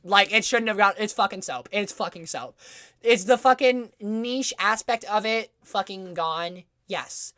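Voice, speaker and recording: With a mid-range voice and a slightly slow pace, this podcast host chats casually, spinning a story packed with swearing and sarcasm. She's an animated, profane storyteller, and the recording has no echo.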